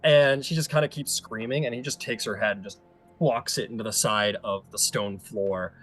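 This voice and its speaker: A man's voice: fairly low pitch, normal speed, fairly bright tone, faint music behind. A man narrating a tabletop game as game master, casual and hesitant with many fillers.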